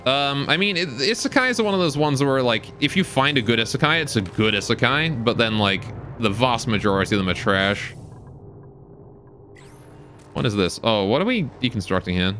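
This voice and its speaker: Streaming a game, a British-born man whose accent has shifted mostly Canadian chats loosely, reading viewer questions aloud and rambling between tasks. His mid-range voice is bright and forward, with lively intonation at a moderate pace. A faint hum of noise runs under his talk.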